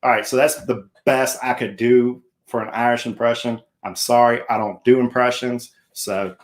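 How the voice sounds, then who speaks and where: A man's voice: mid-range voice, steady tone, normal speed. Chatty joking male sports host. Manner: chatty, jokey, asks co-host and viewers questions. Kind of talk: casual sports talk chat.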